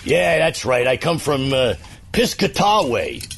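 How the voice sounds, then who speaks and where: A man's voice: mid-range voice, very animated, a little slow, gravelly, fairly bright tone, slight background noise, heavily acted. A man playing a blustery, joking camp sergeant with a New Jersey accent in a comedy radio bit. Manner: jokey, blustery storyteller.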